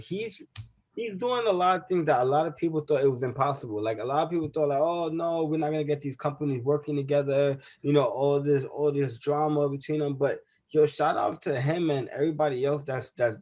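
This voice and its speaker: A young man co-hosting a casual wrestling chat, relaxed and rambling, with many fillers. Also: mid-range voice. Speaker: co-host.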